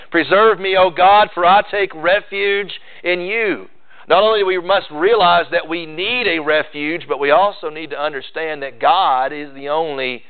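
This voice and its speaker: A man preaching a sermon in an earnest, measured way, slowing down for emphasis. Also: fairly high pitch, clean tone. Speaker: pastor. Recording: tinny phone-like sound.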